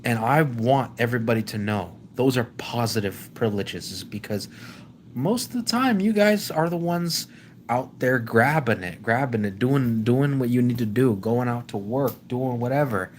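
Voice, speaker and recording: A man hosting a live stream, talking off the cuff in a rambling way, with frequent restarts, and repeatedly calling out to his viewers as ladies and gentlemen. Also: medium pitch, moderate pace, slight background noise. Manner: rambling, with many restarts and stumbles; keeps addressing the audience as "ladies and gentlemen". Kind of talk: casual opinion monologue.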